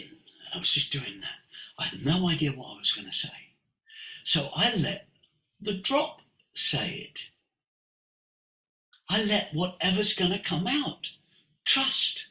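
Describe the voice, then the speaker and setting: An older man, a voice coach, tells stories in an expressive way, moving between hushed asides and sudden exclamations. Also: high-pitched. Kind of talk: animated storytelling. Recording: roomy echo.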